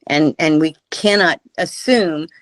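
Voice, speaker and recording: A woman's voice: low-pitched, takes it slowly, no room sound. A woman guest giving impassioned political commentary on a radio interview, speaking over a remote call with emphatic rhetorical questions. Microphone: remote call audio.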